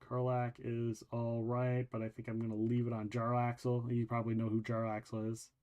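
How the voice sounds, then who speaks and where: A man hosting a show, casually chatting while walking through a video game, rambling with many pauses and restarts. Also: mid-range voice, muffled recording. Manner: rambling, relaxed, lots of ums and restarts. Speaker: show host. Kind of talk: casual game walkthrough chat.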